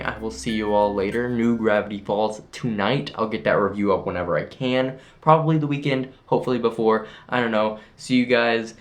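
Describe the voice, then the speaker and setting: A teenage boy telling his school day in a casual video diary, chatty and full of "like". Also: lowish voice. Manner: chatty, full of "like", acts out classmates' lines. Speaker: vlogger.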